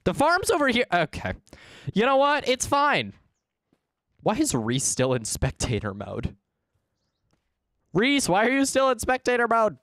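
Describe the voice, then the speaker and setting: A man's voice: very high-pitched, huge pitch swings, a little slow, pauses often, a bit bright, no echo, studio quality. A man streaming a video game, chatting casually with friends in a joking, teasing way and swearing freely. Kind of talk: casual gaming chat.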